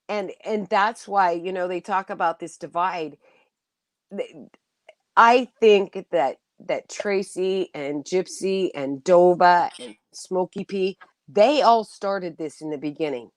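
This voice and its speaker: Her voice sits fairly low and unhurried, captured dry, as this middle-aged woman talks with viewers on a casual livestream. She comes across warm and emotional, breaking into laughter often and restarting what she says.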